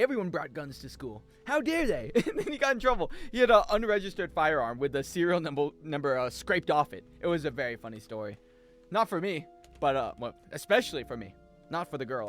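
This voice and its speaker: A young man, chatting casually on a gaming stream, joking, swearing freely and rambling. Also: fairly high pitch. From United States.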